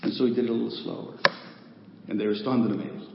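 A male pastor preaching a sermon to a congregation, swinging from loud declarations to quiet pleas. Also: mid-range voice, steady tone, fast talker, gravelly. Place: church sanctuary with a congregation. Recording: echoey hall, dull lo-fi sound with faint noise.

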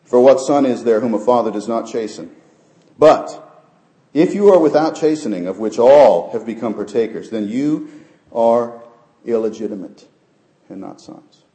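Male pastor preaching in a roomy church. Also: moderate pace. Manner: swings from soft, low asides to loud, high preaching peaks. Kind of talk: sermon with personal testimony.

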